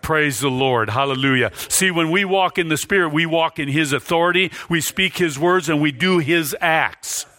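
A male preacher delivering a sermon, emphatic, repeating lines for stress and building to near shouts. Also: fairly high pitch, moderate pace, hardly any pauses, no echo.

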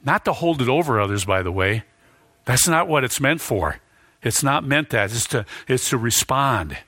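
A male preacher delivering a sermon, emphatic, repeating lines for stress and building to near shouts. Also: medium pitch, very animated, moderate pace, dry recording, studio quality.

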